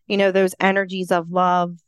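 A woman's voice: fairly low pitch, completely flat delivery, normal speed, clean tone, no room sound. Woman coach, interview guest; earnest, reflective, resonant voice, dry recording. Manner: earnest, reflective talk about spirituality. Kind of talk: casual interview chat.

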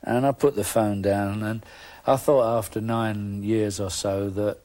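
A man's voice: on the low side, fairly even intonation, a little slow, darkish tone. A man, a former footballer, recalling his past in an archive interview, reflective and hesitant.

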